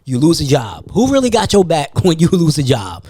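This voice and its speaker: A man's voice: on the high side, wildly swooping pitch, moderate pace, warm tone, slightly rough, dry recording, studio quality. Tired young man, casual podcast talk. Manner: street slang, loose and conversational. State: tired, yawning. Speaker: podcast host. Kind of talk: casual monologue.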